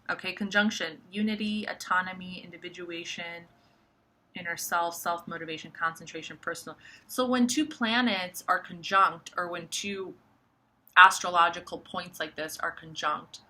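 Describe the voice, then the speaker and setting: A young woman talking casually to camera, animated and profane, full of fillers like "like" and "you know". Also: on the low side. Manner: animated, swears, many likes. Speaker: astrology vlogger.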